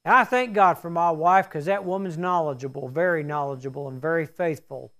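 A high-pitched middle-aged man delivers a homespun sermon. He drifts into folksy stories and plain-spoken asides between points of faith. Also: fairly quick, a bit bright. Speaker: preacher.

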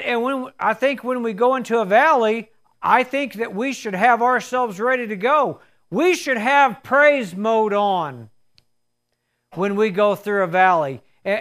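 Brief: man, preacher, earnest testimony, fervent, high voice. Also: fairly bright tone. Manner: earnest storytelling, rising to fervent emphasis. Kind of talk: sermon with personal testimony.

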